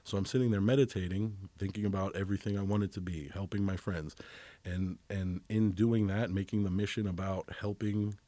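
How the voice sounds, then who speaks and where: A man's voice: low voice, steady tone, brisk, mellow, dry recording. A man as a podcast guest in casual chat, laid-back and rambling, swearing casually.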